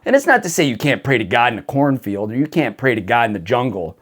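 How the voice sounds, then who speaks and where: A man hosting a faith talk show, telling a casual story in a relaxed way, with lots of "dude" and "like". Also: fairly high pitch, fast, few pauses. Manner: laid-back, full of "dude" and "like". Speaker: faith podcast host.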